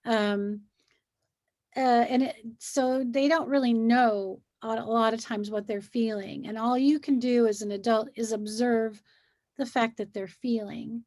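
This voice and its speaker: A woman with a slightly high voice chats casually and unhurriedly about feelings, with no room sound in the recording. She's animated, acting out the way she talks to children.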